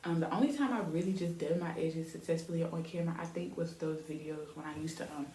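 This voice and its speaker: A young woman chats in a rambling, easygoing way, full of fillers, while styling her hair for the camera. Her voice sits a little low and sounds mellow. The room around her is echoey with a faint hiss behind it. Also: fast talker. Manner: chatty, rambling, lots of fillers. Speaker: beauty vlogger.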